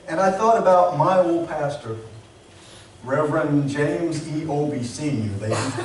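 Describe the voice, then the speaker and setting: A man pastor preaches in an earnest, measured way, leaning on pauses for emphasis. His somewhat high voice is picked up from a distance. It rings through a very echoey church hall with a faint hiss behind it. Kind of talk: sermon. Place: church sanctuary.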